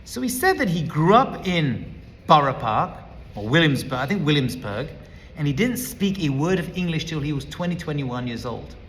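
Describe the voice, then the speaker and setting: Male rabbi, emphatic teacher, sharp bright tone, long hall reverb. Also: fairly high pitch, sing-song, moderate pace, slight background noise. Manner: emphatic, lecturing, builds points as a numbered list. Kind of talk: teaching talk.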